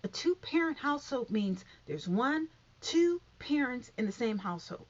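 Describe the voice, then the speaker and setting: A woman's voice: on the high side, very animated, moderate pace. A woman vlogger giving a sassy, repetitive commentary rant about an interview she watched, calling the viewer honey and girl. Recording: muffled lo-fi sound.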